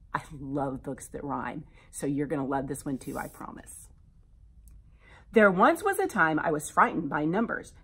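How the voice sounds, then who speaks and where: A woman teacher reading a rhyming picture book aloud to children in an animated, expressive way. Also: sits low, slightly rough.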